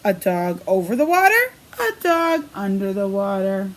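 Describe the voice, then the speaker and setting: Animated woman reading a picture book aloud. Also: mid-range voice, a little slow, slight background noise. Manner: animated, sing-song storybook delivery with questions to the kids. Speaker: preschool teacher.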